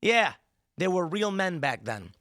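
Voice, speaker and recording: A man's voice: high-pitched, sing-song, unhurried, a bit bright, no room sound, studio quality. A man in his thirties hosting a solo political commentary show, talking emphatically with rambling, sarcastic asides.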